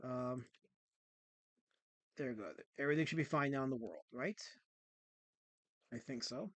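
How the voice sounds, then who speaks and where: A man's voice: mid-range voice, measured pace, no echo. A man hosting a livestream, reading viewer comments out in a sarcastic, mock-offended tone and going off on playful rants. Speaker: livestream host.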